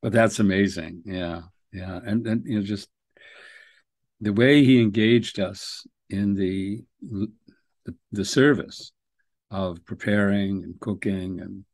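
A man's voice: fairly low pitch, fairly even intonation, takes it slowly, a little mellow, dry recording. A man co-hosting a podcast, speaking in a hesitant, reflective way. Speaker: co-host. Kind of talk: podcast conversation.

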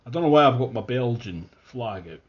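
A Scottish man with a mid-range voice gives an enthusiastic, casual beer tasting review, thinking aloud as he goes. He's animated and brisk, and the recording has its high frequencies cut off.

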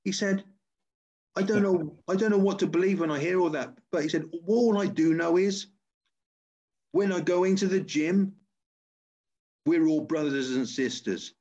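A man's voice: high-pitched, normal speed, long pauses, a little mellow. Earnest man on dull lo-fi audio. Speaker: host. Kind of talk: casual chat.

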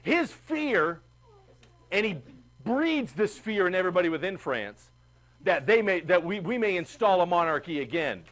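Animated male teacher lecturing a class. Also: sits high, moderate pace, poor audio. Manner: animated, chatty, asks the class questions. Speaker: history teacher.

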